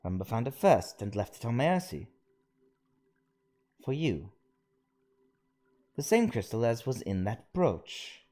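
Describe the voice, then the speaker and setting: A man's voice: medium pitch, very animated, takes it slowly, pauses often, mellow, soft background music. A man voicing a blunt, matter-of-fact young woman explorer while reading game dialogue aloud.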